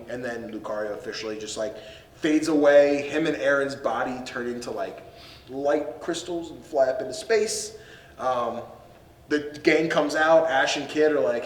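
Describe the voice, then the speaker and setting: A man's voice: mid-range voice, normal speed. A man hosting a podcast who recaps a movie casually, laughing and slipping into quoted voices. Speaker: podcast host. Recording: echoey room, far from mic, faint noise.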